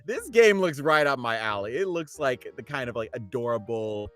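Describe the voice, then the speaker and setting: A man's voice: medium pitch, very animated, normal speed, fairly bright tone, soft background music. A man co-hosting a podcast who reads out casting details in an enthusiastic, gushing way. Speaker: podcast co-host. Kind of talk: casual chat, reading casting info.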